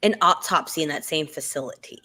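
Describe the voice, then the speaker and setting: A woman's voice: low-pitched, brisk, bright, forceful tone. A woman co-hosting a casual live after-show chat, talking loosely with lots of fillers and restarts. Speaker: co-host.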